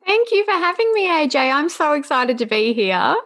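A woman speaks as a podcast guest in a fairly high voice. She sounds cheerful and upbeat, and the conversation stays relaxed and casual. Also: moderate pace. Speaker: guest, business podcast host. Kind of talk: casual interview chat.

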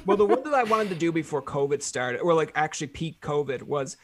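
Animated man chatting on a podcast. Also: a little high, fairly quick, slight background noise. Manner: animated, acts out silly quoted voices with laughs. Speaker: podcast host. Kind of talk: casual podcast chat.

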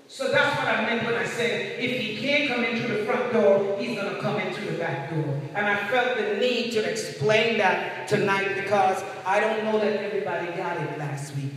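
A man's voice: high-pitched, moderate pace, hardly any pauses, fairly bright tone. A man preaching a sermon to a congregation, emphatic and repeating key words for effect. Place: church sanctuary. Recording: echoey church hall, distant mic.

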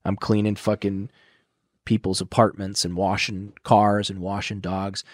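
A man in his thirties, a podcast guest, telling a story in casual chat, swearing often and acting out quotes loudly. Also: on the low side, flat delivery, measured pace, no room sound, studio quality.

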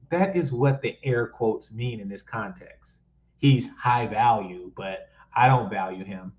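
A man's voice: medium pitch, darkish tone, muffled recording. A man from East Oakland ranting as he reacts to clips, blunt and mocking, repeating his points for emphasis. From East Oakland, California. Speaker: commentary host reacting to clips.

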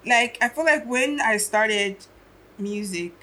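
A woman's voice: a little high, slow, sharp tone, low-quality recording. A young adult woman, a musician and guest on a podcast, talking in a reflective, casual way and thinking aloud as she goes.

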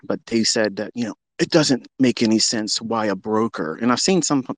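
A man ranting brashly on a trading livestream, boastful and profane, jumping from loud outbursts down to low muttering. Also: normal speed, no room sound.

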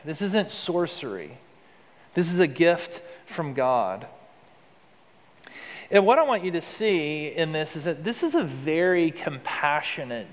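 A man preaching in an earnest, conversational way, asking his listeners questions as he goes. His voice sits a little high for a man. The long reverb of a hall trails behind him. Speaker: pastor. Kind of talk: sermon.

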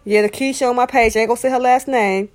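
A woman's voice: a little high, steady tone, quick pace. A woman co-hosting a casual chat, ranting in a profane, comedic way.

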